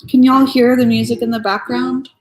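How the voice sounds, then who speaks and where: A woman's voice: fairly high pitch, little pitch movement, moderate pace, slight background noise, rough recording. A woman streamer chatting casually and grumbling playfully while she builds a model. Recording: soft music playing behind.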